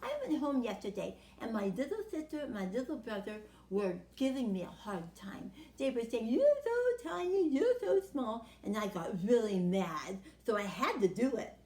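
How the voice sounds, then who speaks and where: A man's voice: very high voice, very animated, moderate pace, few pauses, darkish tone, roomy sound, exaggerated voice. A woman voicing a greedy, boastful young male worm in a told story.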